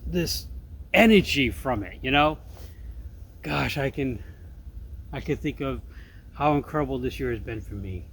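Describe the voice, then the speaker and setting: A man's voice: mid-range voice, a little hiss or hum. Upbeat man vlogging in the woods. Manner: upbeat, earnest, often says folks. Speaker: outdoor vlogger. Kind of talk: casual talk to camera. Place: woods outdoors.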